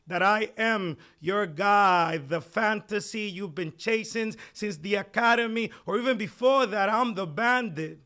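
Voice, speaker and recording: A man with a foreign accent performing spoken word poetry at a live open mic, measured at first and growing forceful. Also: high-pitched. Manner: measured delivery building to forceful intensity. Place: live event at a community center.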